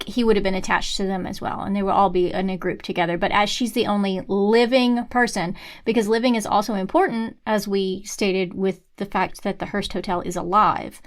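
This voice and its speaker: A young adult woman co-hosting a podcast, chatting casually about a book, agreeable and quick to laugh. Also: medium pitch, fairly even intonation. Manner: agreeable, laughs readily, quick reasoning asides. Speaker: podcast co-host. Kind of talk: casual book-discussion chat.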